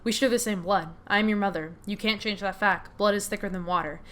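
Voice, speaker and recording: A woman voicing a cold, unloving middle-aged mother in a game, spoken with flat insistence. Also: medium pitch, fairly quick, lightly acted.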